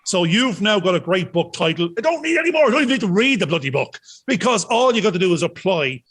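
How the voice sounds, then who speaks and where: A man's voice: sits high, lively intonation, fast, fairly bright tone, breathy edge. An Irish man with a slight lisp, hosting a casual chat, joking and rambling with repeated words. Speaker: podcast host.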